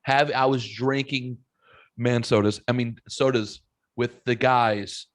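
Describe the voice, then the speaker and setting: A man's voice: mid-range voice, fairly even intonation, slow, dry recording, clean studio sound. A man hosting a podcast, telling rambling stories in casual chat and swearing freely. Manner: rambling, profane storyteller. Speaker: podcast host.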